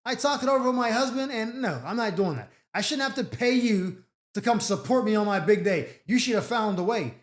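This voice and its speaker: A man's voice: sits high, brisk, roomy sound, lightly acted. A man voicing an entitled, self-centered young bride who brushes off her friend in a brash, breezy way. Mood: bossy.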